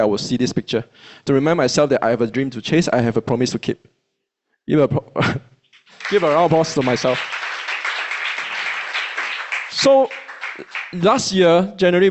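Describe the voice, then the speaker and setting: A man with a Malaysian English accent, telling a motivational story to an audience in a colloquial, animated way and acting out his own dialogue. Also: fairly high pitch. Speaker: speaker at a business event.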